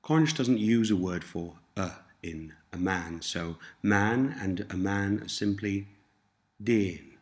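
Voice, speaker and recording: A man teaching a language lesson, saying each word slowly and repeating it for listeners to copy. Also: on the low side, expressive. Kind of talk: slow scripted language lesson.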